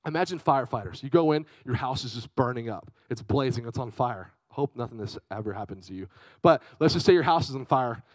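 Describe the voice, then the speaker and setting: A young man preaching a lively youth sermon, telling stories with big swings from loud to hushed. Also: mid-range voice, brisk, no echo, poor audio. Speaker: youth pastor.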